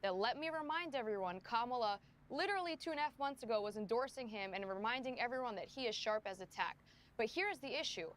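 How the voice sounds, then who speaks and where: A woman's voice: fairly high pitch, lively intonation, fast talker, fairly bright tone. A woman speaking as a political commentator guest in a televised debate, firm and emphatic.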